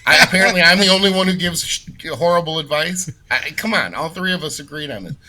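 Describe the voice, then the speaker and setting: A man with a very bright, forceful voice arguing his points on a podcast. He is emphatic and opinionated, and he leans into his words. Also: on the high side, fast, rough recording. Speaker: podcast co-host. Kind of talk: casual podcast chat.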